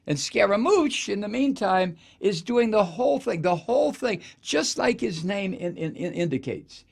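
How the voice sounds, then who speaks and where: A man's voice: high voice, lively intonation, normal speed, gravelly. A man hosting a political talk show, delivering a sardonic, profane ranting monologue. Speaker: radio talk show host.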